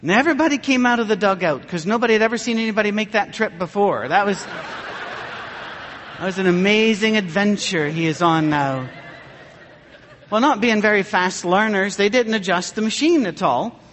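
A man's voice: high-pitched, moderate pace, fairly bright tone, long reverb tail, slight background noise. A man preaching a humorous sermon, telling stories in a dry way and acting out the people in them. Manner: dry storytelling with mock dialogue.

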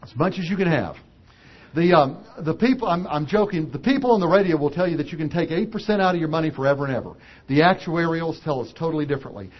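Man preaching, husky voice, animated storytelling, fairly high pitch, dull lo-fi recording. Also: fast. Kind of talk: sermon with storytelling.

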